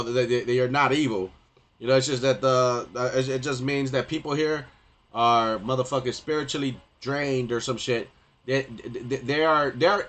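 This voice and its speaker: A male streamer delivering a rambling, profane rant live, constantly repeating filler phrases and getting loud and heated at times. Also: medium pitch. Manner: profane, rambling, repeats "you know what I mean".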